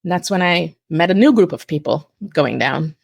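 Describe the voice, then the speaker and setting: Woman in her 40s telling her story, kinda low voice, stops and restarts a lot. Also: lively intonation, vocal fry, a little mellow, dry recording, clean studio sound. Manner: halting, with restarts and self-corrections. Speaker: guest survivor. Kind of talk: recounting a personal story.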